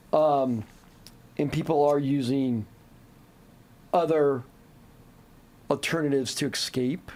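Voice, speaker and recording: A man hosting a podcast interview, asking questions in a halting way with frequent restarts. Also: medium pitch, darkish tone. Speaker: podcast host.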